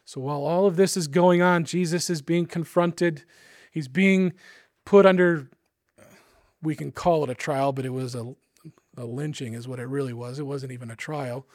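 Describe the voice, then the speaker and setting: A man's voice: a little high, steady tone, normal speed, darkish tone, no room sound, clean studio sound. A man preaching a sermon, earnest and emphatic, with casual asides to his listeners.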